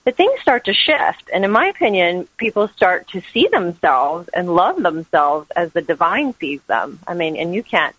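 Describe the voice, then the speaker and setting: A woman's voice: fairly low pitch, very animated, moderate pace, few pauses, fairly bright tone, no room sound, poor audio. Earnest woman with a dry-sounding voice. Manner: earnest, flowing spiritual talk. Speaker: guest, yoga teacher. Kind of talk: interview answers.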